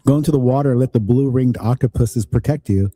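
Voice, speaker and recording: A man joins a casual chat with short, amused replies. His voice is very dark and husky and sits fairly low. It sounds dry and close, with no room around it. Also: fast talker, dry recording. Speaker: friend on the stream.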